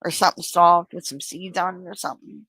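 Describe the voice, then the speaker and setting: A woman's voice: fairly low pitch, fairly even intonation, fairly quick, fairly bright tone, husky, dry recording, poor audio. A woman chatting casually as a stream co-host, talkative and swearing casually. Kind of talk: casual chat.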